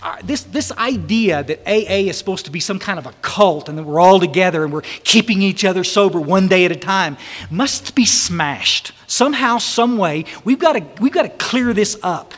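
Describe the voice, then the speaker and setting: A man's voice: high voice, animated, fairly quick, hardly any pauses. Folksy man in a reverberant hall. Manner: folksy and blunt, many restarts, mild swearing. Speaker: speaker at a recovery retreat. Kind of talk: storytelling talk to a men's group.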